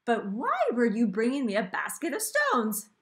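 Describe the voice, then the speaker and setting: A woman's voice: fairly high pitch, wildly swooping pitch, normal speed, a bit bright, echoey room. A woman voicing a kindly old grandmother from a children's storybook, in a cheerful read-aloud voice. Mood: pleased.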